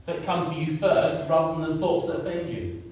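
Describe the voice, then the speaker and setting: A man's voice: on the high side, level tone, a little fast, a little mellow, slight background noise. A man in his fifties preaching a sermon in a conversational way, repeating points and asking the congregation questions. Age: 50s. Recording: echoey room, picked up from a distance.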